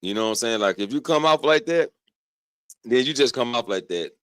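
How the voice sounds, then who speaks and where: A man's voice: mid-range voice, animated, brisk, a bit bright, clear, resonant tone, no echo. A man in a casual chat who talks bluntly and aggressively, full of slang.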